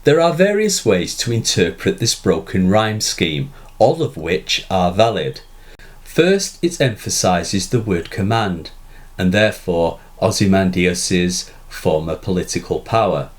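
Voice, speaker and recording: A male literature teacher talks through a poem at an unhurried pace. His fairly low voice rises and falls in a lively way, and he leans hard on the quoted lines. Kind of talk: scripted lecture narration.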